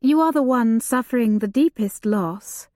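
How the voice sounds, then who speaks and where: A woman voicing a timid young governess who speaks hesitantly and quietly. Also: on the high side, animated, a little slow, no room sound, clean studio sound.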